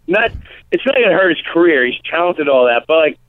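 A man calls in as a comedian guest, his higher voice squeezed into a tinny phone line with no room sound. He talks in a loose, rambling way and keeps breaking into short impressions of the people he describes. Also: no room sound. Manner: rambling, lively, slips into quick impressions of people. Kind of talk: casual interview chat.

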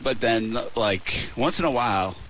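Rambling radio host at a ballpark. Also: male voice, medium pitch, animated, measured pace, a bit bright, a little hiss or hum. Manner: rambling, easygoing, many fillers. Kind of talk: casual radio chat. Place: outdoors at a ballpark.

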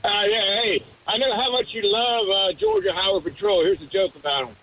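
A man calling into a radio show, telling a long joke with many halting restarts. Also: sits high, big pitch swings, sharp tone, poor audio. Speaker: caller.

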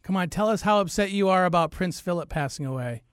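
A man's voice: high voice, fast, clean tone, no echo, studio quality. A man co-hosting a morning radio show, joking and teasing the guests. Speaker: radio co-host.

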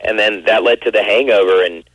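This forties-aged male guest actor chats loosely in an interview, rambling with lots of restarts, fillers, and "you knows." He speaks a little fast in a lowish voice that's a bit bright and slightly rough. There's no room sound, and the high frequencies are cut off.

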